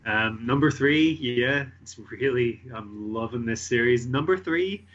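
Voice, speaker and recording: A man's voice: medium pitch, a little slow, a bit bright, highs cut off. A man co-hosting a casual comic book podcast, enthusiastic and easygoing, rambling a little. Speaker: podcast co-host.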